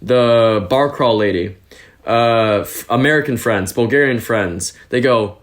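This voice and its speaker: A young man from California, a podcast guest, telling stories in a chatty, animated way with plenty of fillers. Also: mid-range voice, a little slow. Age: young adult. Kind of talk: casual interview storytelling.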